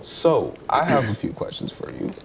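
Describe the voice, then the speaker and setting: A man interviewing a college athlete, conversational and quick with agreeing interjections. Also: mid-range voice, huge pitch swings, vocal fry, slight background noise. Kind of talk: sports interview.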